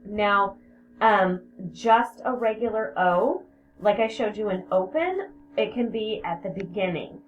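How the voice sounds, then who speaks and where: A woman's voice: medium pitch, a little slow. A woman teaching a spelling lesson to young children, patient, sounding out words and repeating them. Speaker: elementary school teacher. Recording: tinny phone-like audio with steady background hiss.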